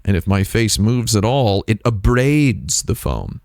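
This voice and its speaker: A playful male streamer in the middle of casual chat, unhurried and prone to tangents. His voice sits at an ordinary pitch. The sound is bone-dry, with his mouth right against the foam of the mic. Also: sing-song, vocal fry, a little mellow, no room sound. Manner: rambling, playful, jokey. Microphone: close dynamic microphone, mouth on foam.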